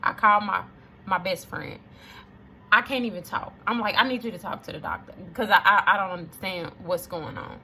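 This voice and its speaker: An emphatic woman, speaking straight to her viewers. Her voice is bright and forceful, with a gravelly fry, and a faint hiss of noise sits behind it. She drives her points home by repeating them. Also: medium pitch, moderate pace. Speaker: storyteller addressing viewers. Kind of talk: casual testimony to camera.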